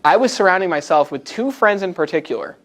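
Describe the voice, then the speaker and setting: Energetic American man giving a talk. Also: high voice, fast. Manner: energetic, conversational, invites the audience. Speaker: motivational speaker. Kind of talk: live presentation to a group. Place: meeting room with a live audience.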